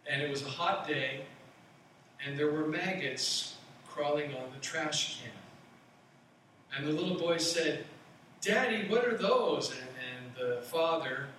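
A man's voice: a little high, pushed and bright, slight background noise. A man preaching a sermon as a pastor, conversational, with playful asides. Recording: roomy echo from far off.

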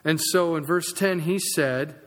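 A man preaching a sermon in a church sanctuary, swinging between loud emphasis and quiet asides. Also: on the high side, measured pace. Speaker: pastor. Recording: long reverb of a large sanctuary.

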